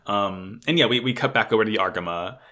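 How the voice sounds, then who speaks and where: Speaking quickly in a lowish voice, this man co-hosts a podcast and recaps an anime episode. The chat is casual, excitable, and full of swearing, and he performs the characters' lines.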